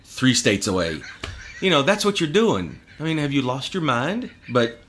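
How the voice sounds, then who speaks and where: A man spins stories as a podcast guest in a sarcastic, profane rant. His pitch leaps around expressively. His tone is bright and forceful, and laughter keeps breaking into his telling. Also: sing-song, normal speed. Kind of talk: casual podcast storytelling.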